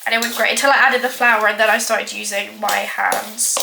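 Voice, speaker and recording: A woman's voice: medium pitch, fairly even intonation, fairly quick, gravelly, background noise. A young woman chatting casually while baking in her kitchen, rambling and self-mocking, with plenty of filler words. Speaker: baking vlogger. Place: home kitchen. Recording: echoey kitchen with clattering dishes.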